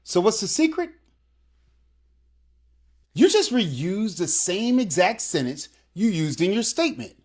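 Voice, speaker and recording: A language teacher delivering a scripted video lesson in an encouraging, coaching manner, switching between English and Spanish phrases and repeating example sentences slowly for learners. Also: medium pitch, big pitch swings, a little mellow.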